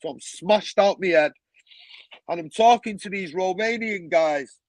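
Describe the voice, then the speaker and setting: A man, a podcast guest telling animated stories, swearing often and acting out other people's voices. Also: high-pitched, unhurried, dry recording, rough recording. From Manchester, England. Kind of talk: casual storytelling.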